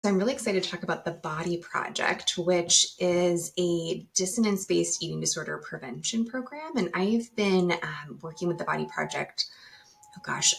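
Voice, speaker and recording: A woman's voice: on the low side, normal speed, gravelly. A woman psychologist, a guest on a podcast, explaining her work in a thoughtful, casual way with many fillers and restarts.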